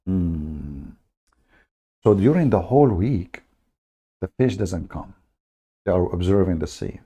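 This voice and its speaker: Gravelly low-voiced man, mocking. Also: animated, slow, pauses often, mellow. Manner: mocking, sarcastic storytelling in broken English. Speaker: host of a livestream. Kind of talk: livestream commentary.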